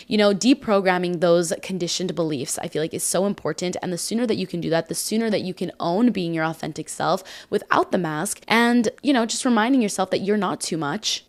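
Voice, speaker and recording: A woman's voice: fairly low pitch, a little fast, few pauses. A young woman hosting her own podcast, talking casually and encouragingly with lots of filler words. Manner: chatty and encouraging, many "like" fillers. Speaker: podcast host. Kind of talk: casual solo podcast monologue.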